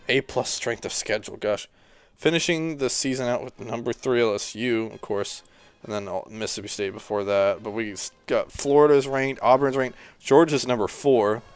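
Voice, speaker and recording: A man's voice: lowish voice, clear, resonant tone. A tired man talking casually as a gaming YouTuber, rambling and thinking aloud while clicking through game menus. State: tired and yawning. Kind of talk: casual gameplay commentary.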